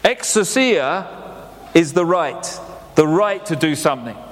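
Male preacher, plain-spoken and repetitive, high-ish voice, reverberant church hall. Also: expressive, normal speed. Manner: plain-spoken, repeats phrases for emphasis. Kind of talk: sermon.

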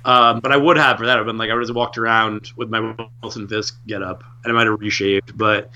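Casual co-host, a man with a sharp, bright voice who rambles through his stories. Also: lowish voice, level tone, fast, muffled recording. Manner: rambling, heavy on filler words and restarts. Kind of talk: casual chat.

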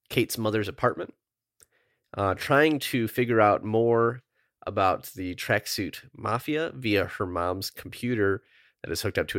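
A man's voice: low-pitched, a bit bright, no room sound, clean studio sound. A man co-hosting a podcast in casual chat, recapping at length with lots of ums. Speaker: podcast co-host.

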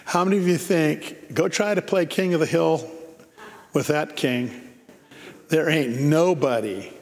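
A man's voice: a little high, big-room sound. A man preaching a sermon, emphatic and repeating key phrases for effect.

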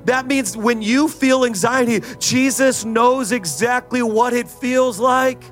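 A man's voice: very high voice, slow pace, fairly bright tone, soft background music. A middle-aged male pastor preaching a sermon, rising into fervent, sing-song prayer and exhorting the congregation with repeated calls.

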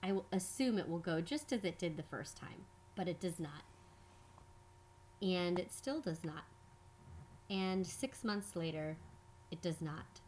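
A woman telling a personal story in scripted narration, measured and reflective. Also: fairly low pitch, expressive, a little hiss or hum. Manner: measured, reflective, quietly earnest.

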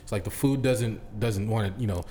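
A man hosting a podcast, relaxed and opinionated, talking with slang. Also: fairly low pitch, moderate pace, a little hiss or hum. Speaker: podcast host. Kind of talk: casual chat.

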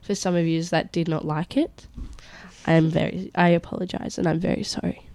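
Young woman, podcast co-host, bubbly, reacts fast, says sorry a lot. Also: fairly low pitch, little pitch movement, vocal fry, mellow. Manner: bubbly, apologetic, quick to react. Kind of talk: casual chat.

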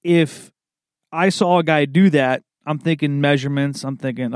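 Laid-back young man, slightly higher voice. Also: moderate pace, darkish tone, smooth, no room sound, clean studio sound. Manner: laid-back, rambling, peppers talk with "man" and "dude". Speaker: podcast host. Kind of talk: casual solo chat.

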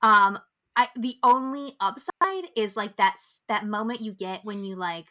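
A woman's voice: medium pitch, measured pace, sharp tone. A young woman co-hosting a podcast who chats casually and gushes with exuberant, profane enthusiasm. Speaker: podcast co-host. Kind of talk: casual chat.

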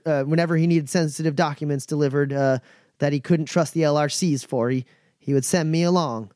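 A man voicing a nervous young male mail carrier who speaks haltingly and apologetically. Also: fairly high pitch, fairly even intonation, a little mellow, no echo, clean studio sound, close to an everyday voice. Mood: earnest.

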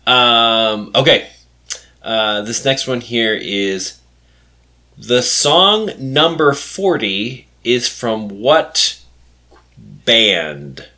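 A man in his forties hosts a quiz in easy conversation. He talks slowly and loosely, his pitch rising and falling a lot, and he laughs often. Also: animated, sharp tone. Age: 40s. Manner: slow, laid-back, laughs often. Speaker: quiz host. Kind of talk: casual podcast quiz chat.

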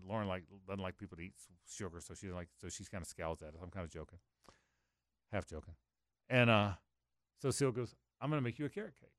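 Hosting a sports radio show, a middle-aged man tells a rambling, self-mocking story full of restarts and laughter in casual radio banter. His pitch is fairly low, and the studio-quality recording has no room sound.

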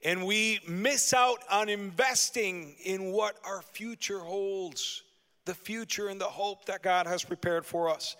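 A man pastor preaching a lively sermon in a church, asking the congregation rhetorical questions. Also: high voice, smooth. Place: church sanctuary. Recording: long hall reverb.

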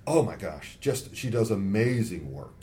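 A man chatting as a podcast guest, telling lively stories and acting out quotes. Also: measured pace, a crowd in the background. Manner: animated storyteller, acts out quotes in high voices. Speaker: guest, martial arts film expert. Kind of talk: casual podcast chat.

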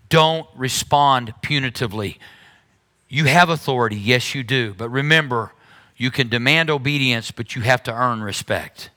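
A middle-aged man preaching a sermon as pastor, animated, with sudden high-pitched mocking asides.

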